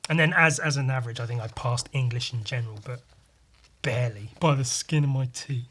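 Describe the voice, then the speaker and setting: A man's voice: medium pitch, brisk, a bit bright, husky. A man hosting a casual solo podcast, rambling, swearing freely and poking fun at himself. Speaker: podcast host.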